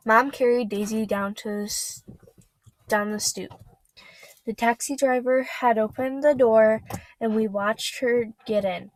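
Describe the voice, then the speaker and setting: A woman reading a novel aloud, halting and stumbling over words as she goes. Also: a little high, fairly even intonation, dry recording, low-quality recording. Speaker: reader.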